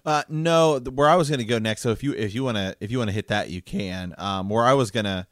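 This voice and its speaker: A man's voice: fairly low pitch, fast talker, no echo, clean studio sound. A man co-hosting a book discussion, chatting and reading passages aloud with frequent laughs. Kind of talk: casual chat reading aloud from a novel.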